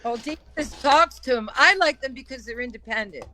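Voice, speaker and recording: Give me a high-pitched woman interviewer keeping a friendly chat on track. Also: brisk, sharp tone. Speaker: talk show host.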